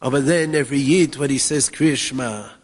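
A man with a Yeshivish English accent teaching Torah, chanting Hebrew verses in a sing-song that swings from hushed to soaring. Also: medium pitch, brisk, long reverb tail. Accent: Yeshivish English with Ashkenazi Hebrew pronunciation. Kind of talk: Yiddish-inflected Torah talk.

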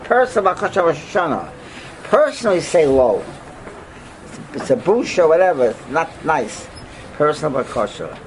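An older man teaching a Torah class as a rabbi, animated, firing off rhetorical questions and breaking into sudden loud outbursts. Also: on the high side, moderate pace, slight background noise, poor audio.

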